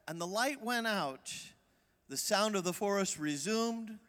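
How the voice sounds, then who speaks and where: A man preaching as a visiting evangelist in a church, lively and calling for the crowd's responses. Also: high-pitched, unhurried, in a large hall. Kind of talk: sermon.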